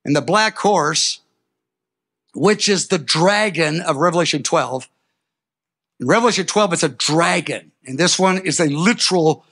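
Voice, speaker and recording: An older man preaching a sermon, telling personal stories in an animated way, with sudden loud peaks. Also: a little high, unhurried, breathy edge.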